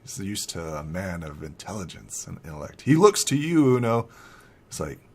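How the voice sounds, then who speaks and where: A man's voice: low voice, sing-song, moderate pace, husky. A man narrating as game master of a tabletop game, casual and full of fillers.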